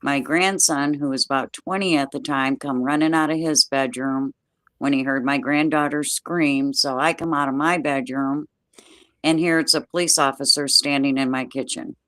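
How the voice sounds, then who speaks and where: A woman's voice: extremely low pitch, normal speed, no room sound. Older woman telling a family story, dry. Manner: plain, steady storytelling with everyday dialect grammar. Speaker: guest.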